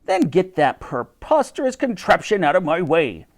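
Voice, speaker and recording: A man voicing a fierce, bossy aristocratic woman who shouts threats in a storybook reading. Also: sits high, huge pitch swings, normal speed, pitched above the performer's own voice, heavily acted. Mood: furious. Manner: blustering, barking orders.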